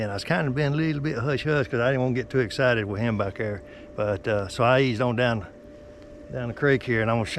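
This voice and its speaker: A middle-aged man from North Alabama talks in a chatty, folksy Southern drawl while fishing from a boat. His voice sits at an ordinary pitch and turns excitable as he goes along. Steady boat and water noise runs underneath him outdoors. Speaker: fishing vlogger. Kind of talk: casual outdoor fishing vlog. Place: small boat on a creek outdoors.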